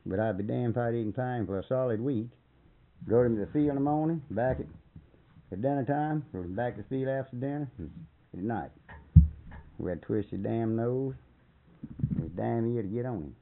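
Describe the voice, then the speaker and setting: A man's voice: mid-range voice, fairly quick. An older man telling a long, rambling story in a folksy, profane way, chuckling as he goes. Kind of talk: rambling oral-history storytelling. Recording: tinny phone-like lo-fi recording.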